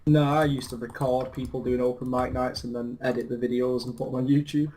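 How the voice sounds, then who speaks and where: A man's voice: medium pitch, little pitch movement, fairly quick, warm tone. Young guy telling laddish stories, lots of swearing, laid back gaming chat. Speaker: gaming commentator. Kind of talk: casual chat.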